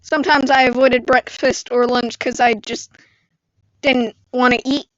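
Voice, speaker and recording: A woman with a high voice tells a personal story at an unhurried pace. She is animated and acts out what others said. The sound is dull, dry and lo-fi. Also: dry recording. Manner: animated storytelling, acting out quoted lines. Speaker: vlogger. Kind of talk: storytime live stream. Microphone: screen-recorded live stream mic.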